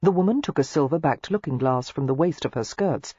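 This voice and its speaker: A woman narrating a romance novel audiobook in an expressive, measured way. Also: deep voice, husky, no echo. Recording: dry, slightly muffled lo-fi recording.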